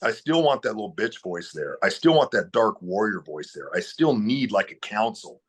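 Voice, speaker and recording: A man's voice: on the low side, lively intonation, moderate pace, slightly rough. A man speaking as a podcast guest in casual conversation, earnest and blunt, with casual swearing.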